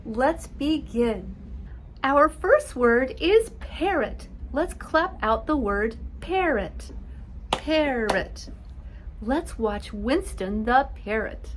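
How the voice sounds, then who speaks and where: Slow, clear-voiced woman teaching small children. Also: high-pitched, animated, a little hiss or hum. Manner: sounds words out slowly and spells them letter by letter.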